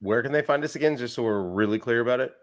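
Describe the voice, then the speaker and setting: A man co-hosting a podcast in casual chat, tossing in quick quips and wisecracks. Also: medium pitch. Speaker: podcast co-host.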